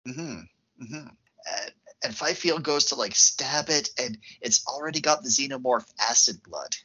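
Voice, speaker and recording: A man co-hosting a podcast, chatting casually about films in an expressive, reactive way. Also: medium pitch, slightly rough. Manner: expressive and reactive, quick asides. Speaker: podcast co-host. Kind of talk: casual film discussion. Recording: slightly muffled lo-fi podcast audio.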